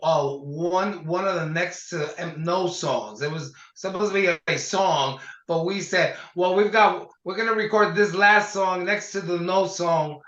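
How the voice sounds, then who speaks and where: An older man, a singer, chatting in an interview and telling animated stories from his career. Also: high-pitched, measured pace, hardly any pauses. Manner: animated storyteller, acts out quotes. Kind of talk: casual interview conversation. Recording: echoey dull lo-fi sound.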